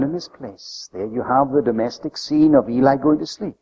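A man preaching a sermon with an emphatic delivery that swings between loud, high stresses and soft, low drops. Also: normal speed, hardly any pauses, husky. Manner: emphatic, rising and falling delivery. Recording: lo-fi recording with long hall reverb.

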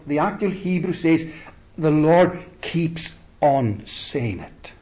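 A man preaching a sermon slowly and deliberately, rising to emphatic peaks and letting phrases trail off softly. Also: a little high, highs cut off.

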